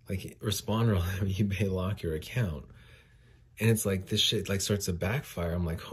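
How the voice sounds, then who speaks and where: A man's voice: low voice, moderate pace, slightly rough. A man hosting a podcast in a casual solo rant, frustrated and swearing, a little out of breath. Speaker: podcast host.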